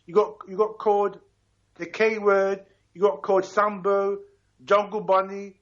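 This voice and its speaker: A man's voice: sits high, flat delivery, unhurried, dull audio. A man in his fifties from Ghana calling into a radio talk show, talking emphatically and passionately, often checking in with "right?". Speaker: caller.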